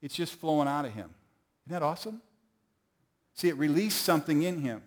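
A man's voice: a little high, animated, fairly quick. A middle-aged man preaching a sermon, telling folksy stories and calling on the audience to answer. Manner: folksy storytelling, calls on the audience.

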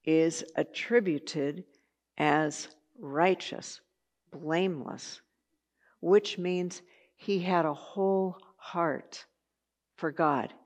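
A woman's voice: fairly low pitch, very slow. A woman teaching a Bible study lesson in a conversational way, with chatty asides and filler words.

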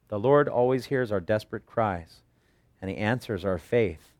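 A man preaching as a pastor, teaching verse by verse and retelling the story with earnest, animated delivery. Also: on the low side, normal speed, dry recording. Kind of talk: expository Bible teaching.

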